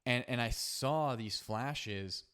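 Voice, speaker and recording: A man hosting a solo podcast, telling a personal story in a reflective, halting way with many fillers and restarts. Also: medium pitch, fairly bright tone, smooth. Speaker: podcast host.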